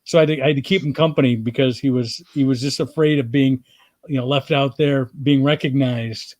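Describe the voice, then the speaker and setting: Relaxed male comic rambling a story. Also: mid-range voice, brisk, dry recording. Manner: relaxed rambling anecdotes with fillers. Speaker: comedian host. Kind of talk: casual storytelling chat.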